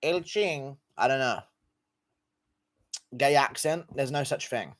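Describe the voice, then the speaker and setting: A man's voice: mid-range voice, measured pace. A young man streaming late at night, chatting casually with his chat in a profane, rambling way. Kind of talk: casual livestream chat reading.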